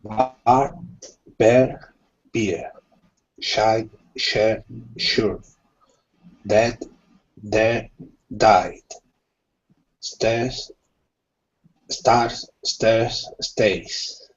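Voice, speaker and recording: Man student reading words very slowly. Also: lowish voice, fairly even intonation. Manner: slow, careful reading of practice words. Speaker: language student. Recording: muffled video call audio.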